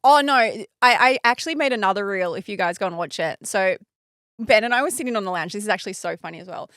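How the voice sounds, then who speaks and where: A woman, co-hosting a podcast and telling a story in animated, laughing casual chat. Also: medium pitch, quick pace, dry recording, clean studio sound. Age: 30s. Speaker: podcast co-host.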